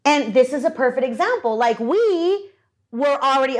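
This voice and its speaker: A woman co-hosts a podcast in a studio with an audience, her voice high and her pace moderate. In casual chat she tells a story animatedly, acting out the voices of the people involved.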